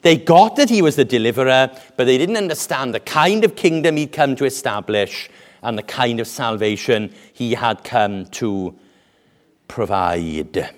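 Animated, slow-paced male preacher. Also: medium pitch. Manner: animated, deliberate preaching with dramatic pauses. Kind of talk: sermon.

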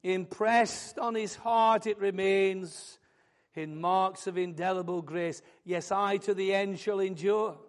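High-voiced fervent male preacher. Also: fairly even intonation, slow pace. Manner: fervent, rising to loud declarations. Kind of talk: sermon.

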